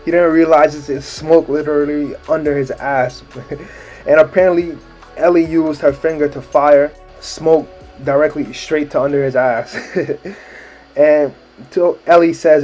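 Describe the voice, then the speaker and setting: Laid-back man, dark mellow voice. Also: fairly high pitch, moderate pace. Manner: laid-back slangy talk with frequent laughs. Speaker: manga chapter recap host. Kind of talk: casual spoken recap. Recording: dull lo-fi mic with faint music.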